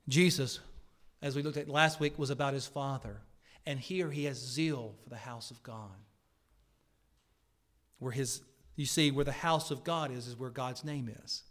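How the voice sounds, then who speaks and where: A male pastor preaches a sermon during a church service, moving between loud, emphatic declarations and quiet, earnest pleas. His voice sits at a medium pitch.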